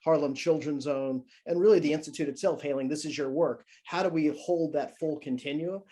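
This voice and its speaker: A man's voice: a little high, brisk, mellow. A man speaking on a panel over a video call, impassioned and rhetorical. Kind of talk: panel discussion.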